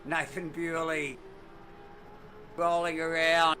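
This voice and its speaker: Kiwi guy doing sim race commentary, out of breath, lots of ums and uhs, bright voice, slow talker. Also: fairly high pitch, slight background noise. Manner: excitable, breathless, rambling with fillers.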